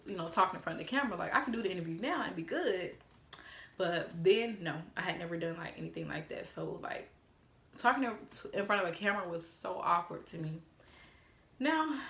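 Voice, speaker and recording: Animated woman telling a story, echoey room. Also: on the low side. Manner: animated, quotes texts aloud, swears freely. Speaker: vlogger. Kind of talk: casual storytime. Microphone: phone.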